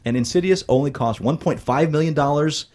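A man's voice: on the high side, a little fast, a little mellow. A man hosting a casual podcast, running through box office news and plugging the show. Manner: upbeat, announcer-like when plugging the show. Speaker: podcast host.

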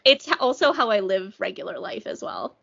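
A woman's voice: mid-range voice, animated, brisk, vocal fry, a bit bright. A woman co-hosting a casual book chat, rambling with lots of "like" and anxious humor. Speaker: book podcast co-host. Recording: dull lo-fi sound.

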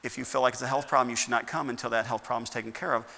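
This sermon comes from a male American pastor whose mid-range voice is bright, steady, and forceful, delivered very fast with vocal fry. He peppers the church sanctuary with rhetorical questions and surges into emphatic bursts, all wrapped in long hall reverb.

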